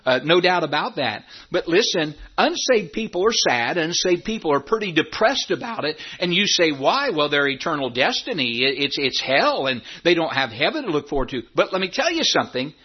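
Male pastor, high lively voice, sermon delivery, lots of rhetorical questions. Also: fairly quick, hardly any pauses, breathy edge, lo-fi sound. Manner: animated preaching with repeated phrases and rhetorical questions. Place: church sanctuary.

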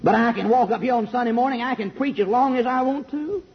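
A man preaching a fiery old-fashioned sermon in a large church, shouting some lines and dropping low on others. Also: quick pace, a little hiss or hum. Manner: shouting emphatic preaching, swinging loud and soft. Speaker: pastor. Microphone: handheld microphone. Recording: dull lo-fi sermon recording.

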